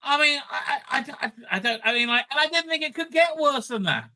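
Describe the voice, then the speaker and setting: A middle-aged man, a rabbi, rambling through casual commentary in a profane, animated rant full of restarts and asides. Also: very high-pitched, fairly quick.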